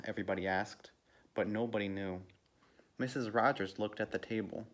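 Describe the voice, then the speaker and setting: A man's voice: fairly even intonation, moderate pace, fairly bright tone. A man volunteering to read a children's picture book aloud, lifting his voice for the characters' lines. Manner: lifts pitch and volume for character quotes. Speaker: volunteer reader.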